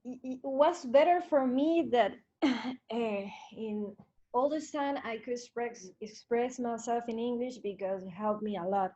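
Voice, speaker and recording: Slow-talking woman. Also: on the high side, warm tone, highs cut off. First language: Spanish. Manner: laughing, hesitant. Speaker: student. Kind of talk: casual video call discussion.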